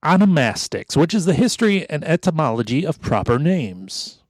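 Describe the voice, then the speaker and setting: A man's voice: a little high, big pitch swings, moderate pace, no echo. A man co-hosting a casual podcast. He talks wryly and swears a lot, and he reads out research notes. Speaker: podcast co-host.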